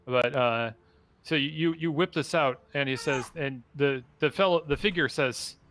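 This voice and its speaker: A man's voice: medium pitch, fairly bright tone, a little hiss or hum. A man running a tabletop game as dungeon master over a video call, rambling and often restarting his sentences. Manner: rambling, halting, many restarts.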